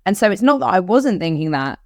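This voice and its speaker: A woman in her thirties with an Australian accent, telling a personal story on a podcast in candid, animated chat and acting out the voices of others. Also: mid-range voice, fairly quick, dry recording, studio quality. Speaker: podcast co-host.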